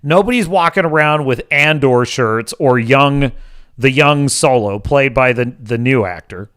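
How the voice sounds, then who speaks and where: A man's voice: medium pitch, unhurried, a bit bright, clear, resonant tone. A male host giving sarcastic, mocking livestream commentary.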